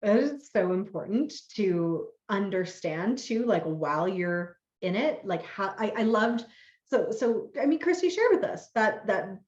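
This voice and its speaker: A woman's voice: medium pitch, expressive, measured pace, darkish tone. A woman hosting a live-streamed group conversation, affirming and enthusiastic as she speaks to her guest and viewers over a video call. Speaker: host. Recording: roomy, dull lo-fi call audio.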